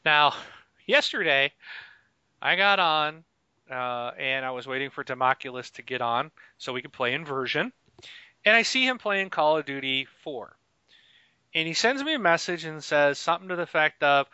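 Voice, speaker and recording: A man hosts a gaming podcast in an easygoing, chatty way, laughing often. His voice is bright and crisp. The audio is dry and slightly muffled from a home mic. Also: fairly high pitch, expressive, normal speed, no echo. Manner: chatty and laughing, with frequent fillers. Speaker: podcast host. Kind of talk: casual gaming podcast chat.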